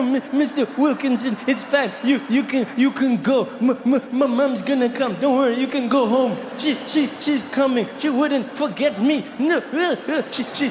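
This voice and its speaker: A man's voice: reverberant, big-room sound, background noise. A man putting on the voice of a frightened ten-year-old boy, stammering as he waits to be picked up from school. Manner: stammering, frantic, high-pitched. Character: panicked young boy, about ten, left waiting at school.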